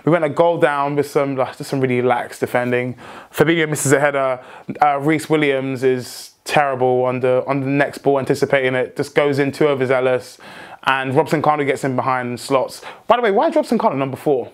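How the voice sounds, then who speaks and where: A young man hosting a football fan vlog, talking excitedly with many restarts and outbursts. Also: medium pitch, fairly quick, smooth. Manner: excitable, rambling, frequent restarts, shouts in joy. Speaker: football fan channel host.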